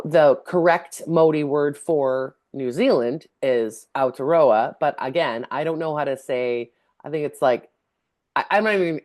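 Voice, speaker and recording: Low-voiced woman podcast co-host. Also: no echo, studio quality. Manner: thoughtful, self-deprecating, gives short backchannels. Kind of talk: casual chat.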